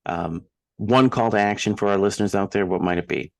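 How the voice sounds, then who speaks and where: A man's voice: on the low side, a little fast, creaky, a little mellow. A man with a Minnesotan accent hosting an interview, asking playful questions in a casual way. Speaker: podcast host.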